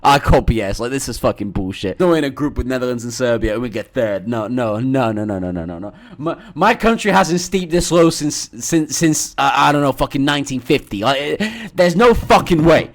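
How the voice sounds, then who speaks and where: A young man commentating on a football game, excitable and profane, with stuttered restarts and shouted outbursts. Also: medium pitch, brisk. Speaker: gaming streamer.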